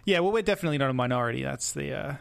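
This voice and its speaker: A man co-hosting a podcast in casual chat, animated and full of restarts. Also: mid-range voice, rapid-fire, vocal fry. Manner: animated, many restarts and asides. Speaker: podcast co-host.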